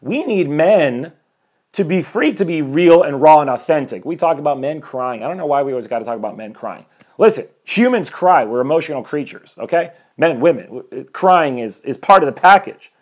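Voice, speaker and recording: A man's voice: fairly high pitch, expressive, normal speed. A man in his forties, a life coach talking energetically and a bit ramblingly to viewers on a live stream from his home, preaching about self-improvement and greeting people as they join. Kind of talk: motivational live-stream talk.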